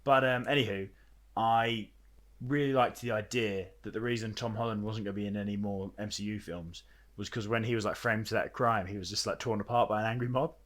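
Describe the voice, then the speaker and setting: A young man co-hosting a casual film podcast, talking in an animated, rambling way with frequent fillers and restarts. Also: lowish voice, a little fast. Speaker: podcast co-host.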